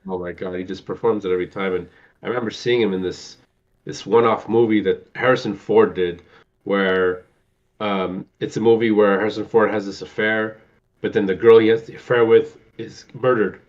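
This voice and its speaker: A man's voice: lowish voice, steady tone, normal speed. A man in casual chat, rambling and searching for names as he retells film scenes. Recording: muffled lo-fi recording.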